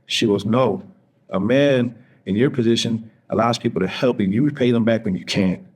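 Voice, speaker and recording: A man's voice: medium pitch, normal speed, darkish tone, breathy edge. A man from Texas, a podcast guest, candidly telling an emotional personal story and acting out the voices of people he quotes.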